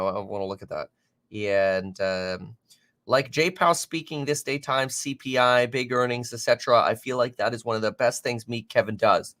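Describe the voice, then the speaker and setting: A man of average pitch runs a live market stream and talks off the cuff. He rambles and reacts on the spot, correcting himself often and filling pauses with fillers. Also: a bit bright, no echo. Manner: many fillers and self-corrections. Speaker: finance livestream host.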